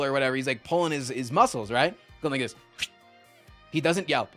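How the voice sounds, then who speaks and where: A man's voice: medium pitch, a little fast, faint music behind. A man livestreaming in casual chat, telling stories with lots of swearing and reading out chat messages. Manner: animated storytelling with frequent swearing; reads and answers chat messages.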